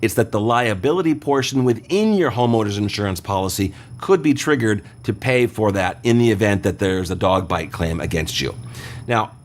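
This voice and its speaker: A man's voice: lowish voice, animated, moderate pace. A man hosting an insurance show, answering listener questions in a conversational, explanatory way and often checking in with the listener.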